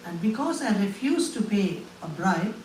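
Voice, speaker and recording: A man from India, telling a personal testimony to an audience in an earnest, halting way. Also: high-pitched, very animated, darkish tone, a little hiss or hum. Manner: earnest storytelling with halting restarts. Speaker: guest speaker. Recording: echoey room, voice from a distance, faint ambience.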